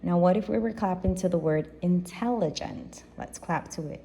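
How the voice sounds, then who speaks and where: A woman's voice: lowish voice, moderate pace, vocal fry, dark tone. A woman teaching a primary school grammar lesson, explaining patiently step by step and repeating key points.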